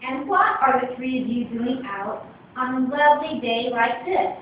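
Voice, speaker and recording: A woman voicing a sly, smooth-talking male fox lawyer in a storybook reading. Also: high voice, expressive, measured pace, slight background noise. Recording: echoey room from far, dull lo-fi.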